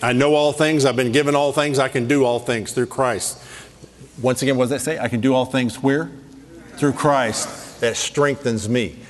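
A man preaching a sermon in a lively, playful way, rattling off scripture references. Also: medium pitch, moderate pace. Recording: long hall reverb.

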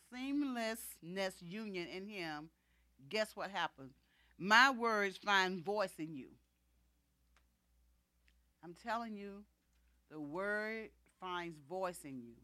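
A middle-aged woman preaches a sermon in a fairly bright, medium-pitched voice with no echo. She is emphatic, repeats key phrases, and often says "you know."

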